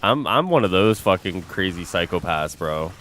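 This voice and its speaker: Animated low-voiced young streamer guy. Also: moderate pace. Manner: animated, swears a lot, says bro constantly. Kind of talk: casual chat with a live stream audience.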